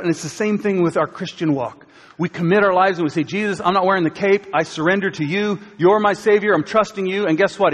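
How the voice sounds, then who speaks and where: A man preaching a sermon as pastor, conversational, swinging from loud acted quotes to hushed lines. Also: a little high, breathy edge. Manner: conversational, dramatic shifts between loud and hushed. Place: church auditorium. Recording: long reverb of a church hall.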